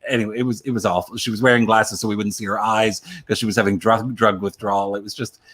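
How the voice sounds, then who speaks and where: A man from Canada, a guest actor, telling stories over a video call in an animated, laughing way. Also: fairly low pitch, fast. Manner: animated storyteller, laughs often. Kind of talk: casual chat.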